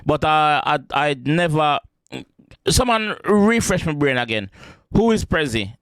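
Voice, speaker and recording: A man's voice: on the high side, unhurried, smooth, dry recording. Jamaican guy, young, reacts in chatty patois, dry close sound. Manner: chatty, animated, stammering. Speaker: reaction video host. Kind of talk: casual reaction commentary.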